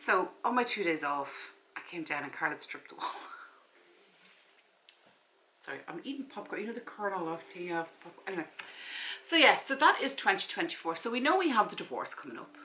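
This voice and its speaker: This Irish woman in her forties has a lowish, sharp-toned voice and talks fast and very animatedly. Vlogging to camera from her home's front room, she casually retells a conversation with a friend, voicing the friend's responses. A camera mic captures a rough recording with a bit of hiss or hum.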